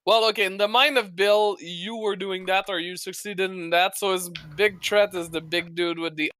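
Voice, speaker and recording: A man's voice: sits high, fairly even intonation, normal speed, pushed and bright, no room sound. A man playing in a tabletop game, chatting casually with a wry, sarcastic edge.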